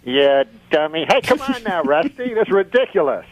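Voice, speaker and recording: A man's voice: high-pitched, big pitch swings, moderate pace. A man voicing a rude, wisecracking male ventriloquist dummy that heckles him back, on a radio call-in. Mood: sassy. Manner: heckling, bickering with its own performer. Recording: dull lo-fi phone line.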